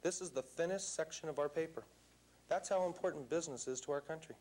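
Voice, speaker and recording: A man telling a story to a live seminar audience, animated and theatrical. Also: fairly high pitch, quick pace, a little hiss or hum. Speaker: seminar speaker.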